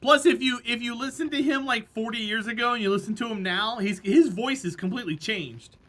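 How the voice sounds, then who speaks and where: A man's voice: very high-pitched, fairly quick, bright, forceful tone. A man streaming a game live, chatting to his viewers in a rambling, easygoing way and laughing easily. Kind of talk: casual live-stream chat while gaming.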